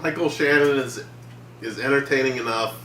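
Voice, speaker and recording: A man's voice: mid-range voice, normal speed, a bit bright, echoey room, slight background noise. A man chatting casually, joking in a dry way. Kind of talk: casual chat.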